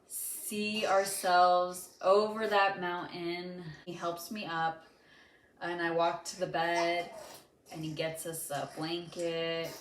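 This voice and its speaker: A young woman and mother casually telling the story of a birth, animated and dramatic, with many fillers. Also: fairly low pitch. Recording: echoey room with faint background noise.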